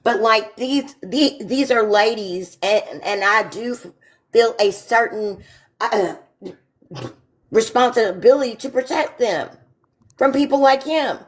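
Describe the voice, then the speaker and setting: A woman's voice: fairly high pitch, slow pace. Emphatic woman in casual chat. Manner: emphatic, repeats herself when heated.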